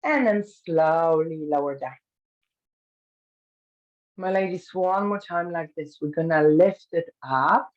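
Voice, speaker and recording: Woman calmly cueing a pilates class. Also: low-pitched, slow pace, pauses often, dull audio. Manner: calm step-by-step cueing. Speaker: pilates instructor. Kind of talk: guiding an online fitness class.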